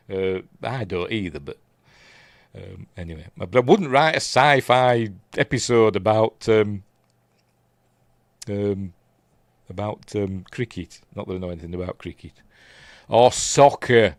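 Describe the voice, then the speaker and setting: A man's voice: on the low side, lively intonation, a little slow, pauses often, no room sound. A man with a Yorkshire accent chatting casually on a live stream, rambling through episode recaps with plenty of fillers and asides.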